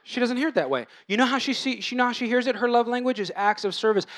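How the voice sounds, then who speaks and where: A man in his thirties with a notably high voice preaches a sermon in a loose, chatty way. He restarts phrases, jokes about home life and acts out voices as he goes. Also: fast talker. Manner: conversational, animated, acts out quoted voices. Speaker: pastor.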